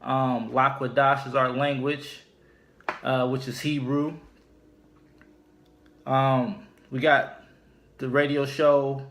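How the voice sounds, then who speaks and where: A man teaching scripture informally, speaking deliberately and repeating his key points for emphasis. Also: medium pitch, fairly bright tone. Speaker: religious teacher.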